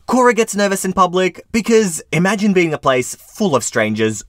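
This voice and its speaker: A man reading Reddit stories aloud with his own commentary, in an expressive storytelling manner. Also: sits high, moderate pace, no echo, clean studio sound. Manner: animated, expressive storytelling with wide swings. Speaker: narrator.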